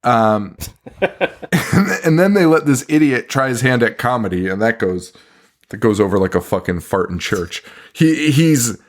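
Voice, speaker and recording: A man's voice: medium pitch, expressive, measured pace. A man co-hosting a podcast, recapping a film in casual chat, laughing often and swearing freely. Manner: laughing, profane, tangent-prone. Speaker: podcast co-host.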